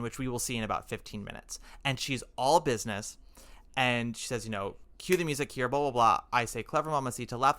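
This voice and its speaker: Bright, animated male podcast host. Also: mid-range voice. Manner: animated, acts out scenes he describes. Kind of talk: casual podcast chat.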